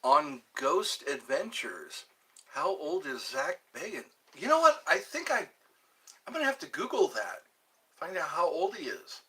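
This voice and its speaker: Male streamer, rambling casual chat; slightly high, bouncy intonation. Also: wildly swooping pitch, measured pace, sharp tone. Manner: rambling, reads viewer questions aloud and answers. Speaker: livestream host.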